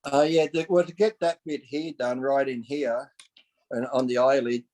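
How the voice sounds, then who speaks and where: With a mid-range voice at normal speed and poor audio, a man in his forties guests on a podcast. His casual storytelling is animated; he acts out the voices of people he quotes, curses freely and laughs frequently.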